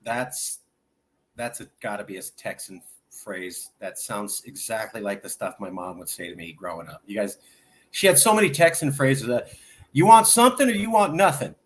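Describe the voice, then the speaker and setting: A man hosting a political talk show, chatty and animated, who quotes people at length as he sets up his questions. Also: lowish voice, normal speed. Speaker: host.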